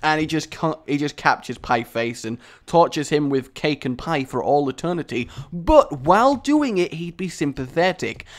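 A man's voice: a little high, lively intonation, moderate pace, hardly any pauses. A man hosting gaming commentary, jokey, playful and self-mocking. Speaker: gaming video host. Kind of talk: Minecraft commentary.

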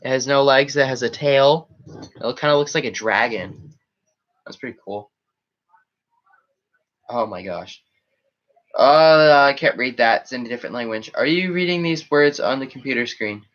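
A man's voice: medium pitch, moderate pace, fairly bright tone, lo-fi sound. A man chatting casually on a live stream, rambling as he reacts to chat comments. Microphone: webcam setup.

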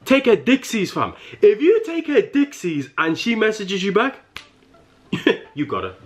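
A man's voice: sits high, sing-song, unhurried. A young man with a London accent rants to camera in mock fury, repeating himself, stammering and breaking into laughs. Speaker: comedy vlogger. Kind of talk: satirical rant to camera.

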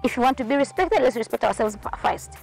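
A woman's voice: on the high side, lively intonation, fast talker, creaky, soft background music, rough recording. A woman vlogger talking straight to her viewers in an outspoken, scolding way. She is sweating in the heat as she talks. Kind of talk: casual vlog rant.

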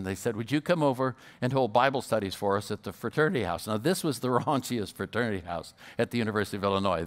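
An older man preaching a storytelling sermon, who stutters now and then and repeats his words. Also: fairly low pitch. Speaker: guest preacher.

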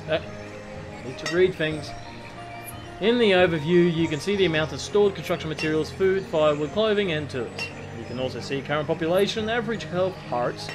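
An Australian man rambling through a game tutorial in casual commentary, reading the on-screen text aloud and swearing now and then. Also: fairly high pitch. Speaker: gameplay commentator. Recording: music playing under the voice.

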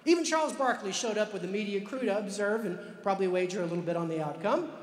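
A man's voice: high voice, slight background noise. Dramatic male storyteller in an echoey hall. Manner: dramatic storyteller, slows down for emphasis. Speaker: author and speaker. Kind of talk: storytelling talk to a live audience. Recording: echoey hall with long reverb.

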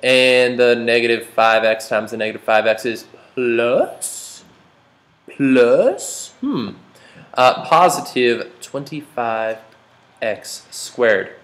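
A man's voice: mid-range voice, lively intonation, slow pace, a bit bright. A man teaching a math class, joking and quizzing his students as he works problems. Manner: playful, jokey, asks the class questions. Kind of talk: classroom lecture.

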